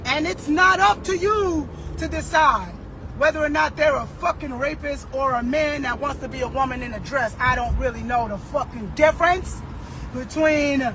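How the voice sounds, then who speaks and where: A hoarse woman, a singer, ranting emphatically and profanely, often shouting. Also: sits high, slight background noise. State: hoarse, losing her voice. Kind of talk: social media rant.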